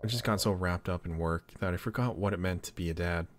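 A man voicing a gentle, remorseful middle-aged father in a game, speaking quietly. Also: sits low, fast talker, slight background noise, lightly acted. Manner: quiet, apologetic.

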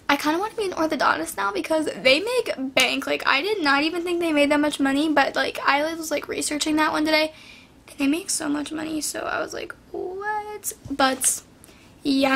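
A high-pitched teenage girl talks straight to her camera at home, answering viewer questions in a loose, rambling chat. Her voice is rough and hoarse after a recent sinus infection. She strings thoughts together with "like" and "um". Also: fairly bright tone. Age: teens. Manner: rambling, filler-heavy, lots of "like". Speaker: vlogger.

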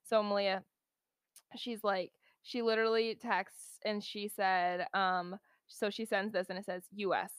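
A woman co-hosting a podcast and spinning stories in a loose, chatty way, full of likes and ums. Her voice sits at an ordinary middle pitch. The sound is dry, with no room echo. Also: little pitch movement, unhurried, clear, resonant tone. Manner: chatty storyteller, many fillers. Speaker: podcast co-host. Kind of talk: casual chat.

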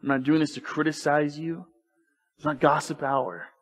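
A man's voice: fairly high pitch, steady tone, normal speed. A man preaching a sermon in church, talking to the congregation casually and asking rhetorical questions. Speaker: pastor. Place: church sanctuary.

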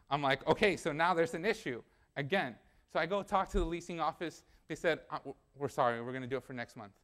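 A man's voice: mid-range voice, fairly bright tone. A young man preaching a sermon in a church, telling a personal story in a conversational way and acting out the dialogue.

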